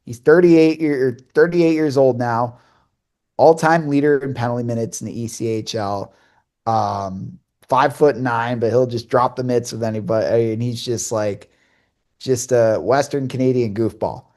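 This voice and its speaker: A man's voice: medium pitch, normal speed, darkish tone. A young man co-hosting a podcast and telling a casual story, rambling with many fillers and restarts and acting out the dialogue. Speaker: podcast co-host and hockey broadcaster.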